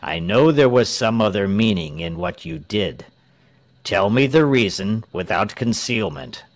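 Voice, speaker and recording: A man's voice: lowish voice, lively intonation, measured pace, no room sound. A man reading a storybook, voicing a stern male tyrant governor who speaks in a cold, commanding way. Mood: probing.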